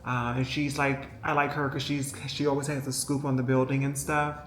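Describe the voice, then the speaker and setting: A woman's voice: rumbling low, flat delivery, moderate pace. Rambling emotional woman vlogger. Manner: rambling and emotional, many fillers, talks to viewers directly. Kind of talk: casual storytelling vlog. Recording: echoey room with faint music behind.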